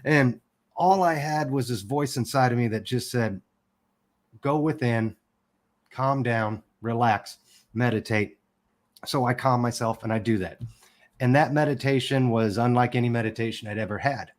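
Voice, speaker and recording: A man's voice: mid-range voice, fairly quick. A man in his forties, a podcast guest telling a personal story in a candid, emotional way and swearing casually. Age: 40s.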